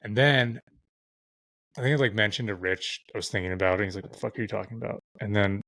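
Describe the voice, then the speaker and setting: A man's voice: on the low side, fast, gravelly, fairly bright tone, dry recording. A man guesting on a podcast, telling stories in a loose, profane way with lots of fillers. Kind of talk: casual storytelling chat.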